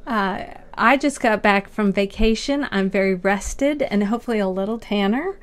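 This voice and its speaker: A woman's voice: medium pitch, moderate pace. A middle-aged woman co-hosting a business talk show, chatting casually and laughing often. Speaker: podcast co-host. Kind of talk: casual chat.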